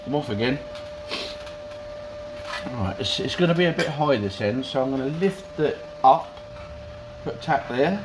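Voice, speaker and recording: A man's voice: mid-range voice, lively intonation, measured pace, long pauses, background noise. A man chatting casually to camera, muttering to his work as he welds in his garage. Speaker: garage vlogger welding a pickup. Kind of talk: casual workshop chat to camera.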